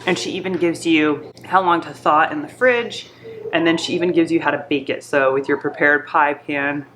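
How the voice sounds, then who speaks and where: A woman's voice: low voice, fairly bright tone, slight background noise. A young woman who is congested from allergies, chatting in a rambling, friendly way as she cooks in her home kitchen. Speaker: home cooking vlogger. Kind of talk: casual chat.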